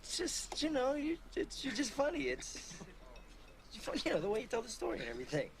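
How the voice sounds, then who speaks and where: An actor playing a mobster who stammers and hedges in a film scene. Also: male voice, very high-pitched, big pitch swings, heavily acted. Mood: nervous amusement. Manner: halting, stammering. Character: easygoing male mobster who laughs nervously. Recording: noisy film audio played back.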